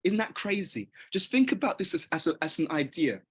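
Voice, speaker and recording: A man's voice: sits high, very animated, fairly quick, fairly bright tone, husky. A man giving a motivational talk in an earnest, conversational way, often putting questions to his listeners. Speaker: motivational speaker.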